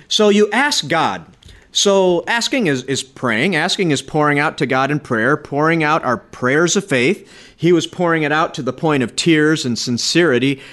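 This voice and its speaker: A man's voice: fairly high pitch, a bit bright. A man preaching a sermon with impassioned, emphatic delivery, repeating phrases for effect. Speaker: pastor.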